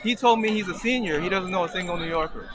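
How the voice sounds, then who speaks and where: Fast-talking young-sounding male interviewer. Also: high voice. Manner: chatty, curious questioning. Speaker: street interviewer. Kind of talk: casual street interview. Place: outdoors in a city park. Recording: muffled street audio with crowd behind.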